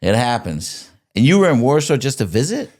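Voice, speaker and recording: A man's voice: medium pitch, sing-song, moderate pace, darkish tone. A man hosting a podcast in casual chat, direct and chatty, pushing his guest to keep talking. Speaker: podcast host.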